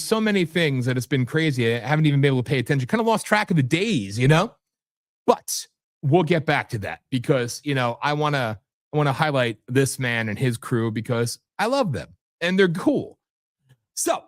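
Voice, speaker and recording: A man hosting his own political livestream, combative and sarcastic, swinging between loud jabs and muttered asides. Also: mid-range voice, no echo, studio quality. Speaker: host and political candidate. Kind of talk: ranting livestream talk. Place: home setup with virtual background.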